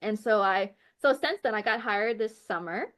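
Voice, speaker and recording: A woman's voice: mid-range voice, normal speed. A woman sharing a personal faith testimony as a podcast guest. She talks earnestly with lots of fillers and acts out the dialogue she recounts. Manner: animated storyteller who acts out quoted dialogue; heavy use of "like" and "you know" fillers.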